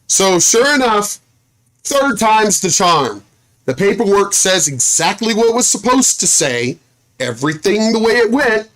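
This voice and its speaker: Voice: mid-range voice, a bit bright. A military veteran telling a personal story in a casual, blunt rant, swearing often and retelling conversations, and stumbling over and repeating words when worked up.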